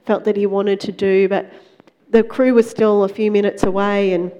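Female speaker sharing a testimony, chatty and relaxed, dark mellow timbre. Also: medium pitch, moderate pace, dull audio. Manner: conversational, animated retelling with quoted dialogue. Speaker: Christian speaker. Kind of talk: testimony storytelling sermon.

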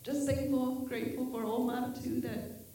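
A woman giving halting thanks at a church service, with many pauses and fillers. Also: high voice, fairly even intonation, mellow. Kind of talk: spoken prayer of thanks. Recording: echoey room, voice from far off.

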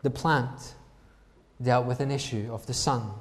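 Male pastor, mid-pitched, emphatic sermon delivery, long hall reverb behind him. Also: fairly even intonation, measured pace. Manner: emphatic, rhetorical questions to the congregation. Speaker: preacher.

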